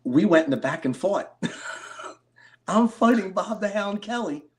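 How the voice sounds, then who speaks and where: A middle-aged man from Philadelphia, a card collector and interview guest, telling stories with excited bursts. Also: high-pitched, slow. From Philadelphia, USA. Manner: animated storyteller, excitable bursts. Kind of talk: storytelling interview.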